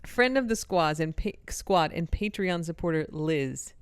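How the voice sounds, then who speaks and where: A middle-aged woman co-hosting a podcast, lively and quick to laugh, with a smooth, clear voice. She talks casually and swears now and then. The sound is dry and close. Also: on the low side, dry recording. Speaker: podcast co-host. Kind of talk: casual chat and reading a listener letter.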